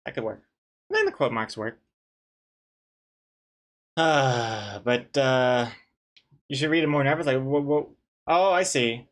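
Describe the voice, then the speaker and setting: Guy streaming his comic art, reads chat out loud, dry jokey banter, rambles a bit. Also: mid-range voice, a little slow, pauses often. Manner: rambling, frequent restarts. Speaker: webcomic artist streaming. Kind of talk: casual live-stream chat.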